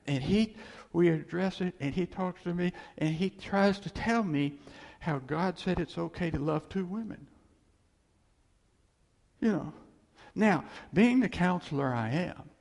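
A man preaching a sermon as pastor, animated and full of rhetorical questions, sometimes acting out God's voice. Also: a little high, creaky. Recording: long hall reverb.

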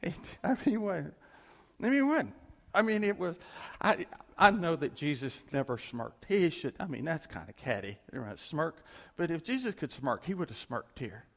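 A male preacher giving a conversational, animated sermon and often chuckling as he talks. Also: on the high side, normal speed.

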